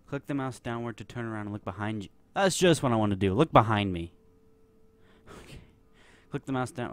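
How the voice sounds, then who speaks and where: A young man giving nervous, rambling commentary while playing a horror game, full of fillers. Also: lowish voice. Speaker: gameplay commentator. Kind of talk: let's play commentary.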